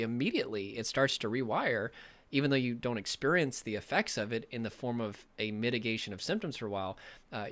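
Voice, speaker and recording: Brief: male recovery coach, motivational talk to camera, earnest and emphatic, mid-pitched voice. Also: fairly bright tone.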